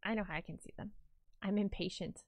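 A woman streaming casually as she draws, excitable and swearing while chatting with viewers. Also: mid-range voice, a little fast, no echo. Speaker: live-streaming artist.

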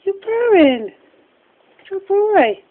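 A woman talks slowly and sweetly to her pet, calling its name again and again in a coaxing sing-song. Her voice sits very high. The sound is thin and tinny, like an old home video recording. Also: sing-song. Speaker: pet owner filming her guinea pig.

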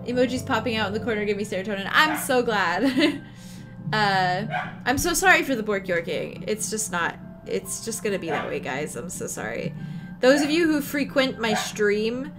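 A woman's voice: mid-range voice, big pitch swings, normal speed. A woman livestreaming from home in a casual, giggly chat, greeting viewers by name. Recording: background music under voice.

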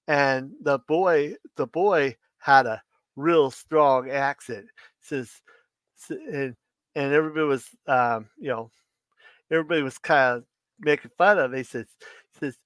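A man's voice: mid-range voice, a bit bright, no room sound. Rambling livestream host man. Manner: puts an R in Washington; rambling, halting, many restarts. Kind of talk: casual rambling chat.

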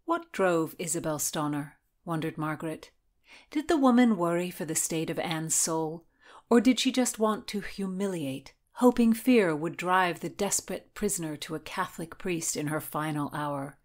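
Lady reading a tudor-era story, lowish voice, measured and dramatic. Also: expressive. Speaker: narrator. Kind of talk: scripted story narration.

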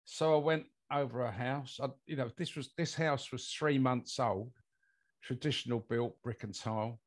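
A man's voice: medium pitch, steady tone, moderate pace. An older British man, a guest on an interview podcast, telling a long personal story in a rambling way with lots of fillers. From United Kingdom. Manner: rambling anecdotal delivery with many fillers. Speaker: guest, mold investigator.

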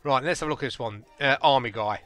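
A man, casually and excitably commentating a game, joking and laughing at his own jokes. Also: medium pitch, fast talker, no echo, faint music behind. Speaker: gaming channel host.

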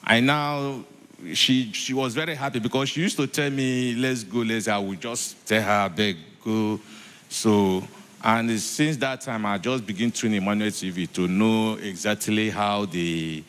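A man giving a church testimony, halting, repeating himself and filling with many hesitations. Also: fairly low pitch, fairly bright tone. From Nigeria. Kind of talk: spoken testimony. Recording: echoey church hall.

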